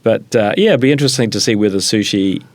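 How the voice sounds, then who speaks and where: A man's voice: on the low side, quick pace, dry recording. A middle-aged man from New Zealand, a business founder talking casually in an interview, telling stories with many fillers and restarts. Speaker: guest, sushi business founder.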